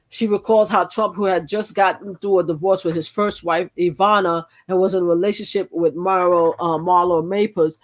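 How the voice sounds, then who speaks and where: A woman's voice: lowish voice, fairly even intonation, normal speed, hardly any pauses. A woman hosting a live channel, reading articles aloud and commenting in a chatty way, often repeating and restarting her phrases. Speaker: channel host.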